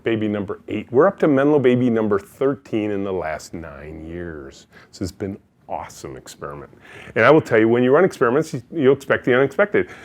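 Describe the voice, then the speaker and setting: A middle-aged man, a company CEO, giving a storytelling keynote talk and acting out the people in his anecdotes. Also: on the low side. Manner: energetic, animated storyteller who acts out quotes.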